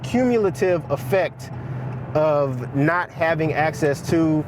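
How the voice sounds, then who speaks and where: A man speaking outdoors in a documentary interview, analytical and halting with repeated words. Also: fairly high pitch, animated, background noise.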